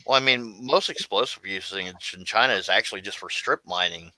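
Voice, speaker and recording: A man's voice: sits low, brisk, sharp tone, no echo, rough recording. A man from Florida chatting casually as a guest, rambling with many fillers and restarts. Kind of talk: casual livestream chat.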